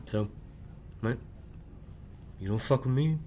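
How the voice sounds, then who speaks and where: A man in a rambling personal monologue, speaking in halting, clipped fragments and tagging nearly every phrase with "right?" in a confrontational way. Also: mid-range voice, warm tone, a little hiss or hum. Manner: insistent, confrontational address. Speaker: vlogger.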